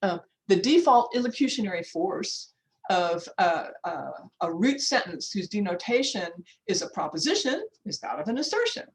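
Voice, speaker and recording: Older lady professor lecturing over a video call, chatty and loose, lots of restarts, voice neither high nor low. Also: sing-song, moderate pace, slight background noise, low-quality recording. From United States. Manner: informal and chatty, with asides like "duh" and "okay?"; frequent restarts, checks the time aloud. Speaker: linguistics professor giving a workshop talk. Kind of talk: academic lecture.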